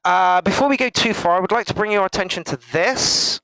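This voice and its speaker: A man hosting a live stream, rambling excitably and swearing freely as he reviews listener tracks. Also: sits high, fairly quick, gravelly, clear, resonant tone, no room sound, poor audio. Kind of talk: casual live-stream chat. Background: loud music.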